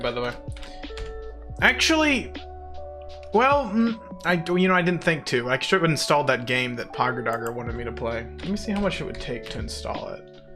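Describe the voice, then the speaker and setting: A man's voice: medium pitch, pushed and bright. A man chatting casually with viewers on a live stream, playful and giggly, poking fun at himself. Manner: self-deprecating.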